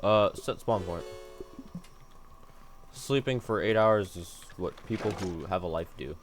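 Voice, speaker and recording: A man's voice: low voice, a little slow, faint music behind. Rambling, joking male game streamer. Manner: rambling, joking and self-mocking, talking to himself. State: yawning, tired. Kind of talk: casual gaming stream chatter.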